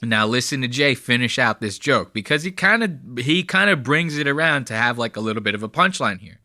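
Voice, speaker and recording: A man's voice: mid-range voice, expressive, brisk, sharp tone, slight background noise. A man giving blunt, profane, chatty commentary on comedy clips. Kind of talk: casual commentary.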